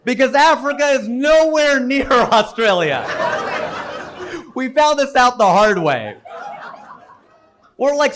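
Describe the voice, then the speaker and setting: Animated man doing stand-up. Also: very high voice, takes it slowly, long pauses, noisy background. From United States. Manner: animated storytelling, punchy asides to the crowd. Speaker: stand-up comedian. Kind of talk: stand-up comedy set.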